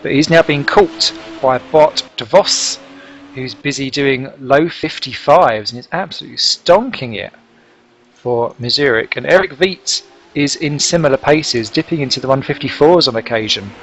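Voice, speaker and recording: A man giving lively, jokey play-by-play commentary on a sim race broadcast. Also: medium pitch, moderate pace, highs cut off, slight background noise. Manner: excitable, jokey, chatty play-by-play. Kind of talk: live sim racing commentary.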